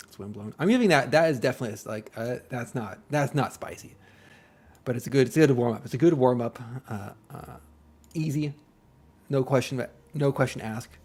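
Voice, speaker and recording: A man on a live stream chats casually at a fairly quick clip, his medium-pitched voice darkish and slightly rough. He rambles, pokes fun at himself, and tosses in joking asides while faint music plays in the background.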